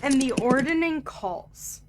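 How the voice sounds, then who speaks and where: A woman running a tabletop game as game master, narrating scenes in an unhurried, descriptive way. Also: high voice, animated, heavy background noise.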